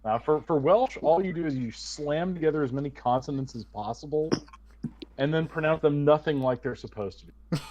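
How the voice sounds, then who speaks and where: Chatty game master, lo-fi voice chat. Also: male voice, on the high side, fairly quick, a little hiss or hum. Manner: relaxed, chatty narration with laughs. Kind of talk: narrating a tabletop game online. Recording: lo-fi online voice chat.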